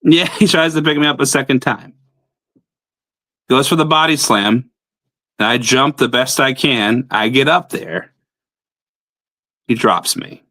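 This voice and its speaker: A man's voice: medium pitch, measured pace, long pauses, pushed and bright, no echo. A man, a pro wrestler guest, telling a blunt, profane story in casual talk.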